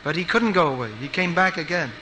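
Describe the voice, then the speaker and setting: Male preacher, emphatic storytelling sermon, slightly high, bright tone. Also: animated, quick pace, slight background noise, rough recording. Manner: emphatic storytelling, repeats for stress.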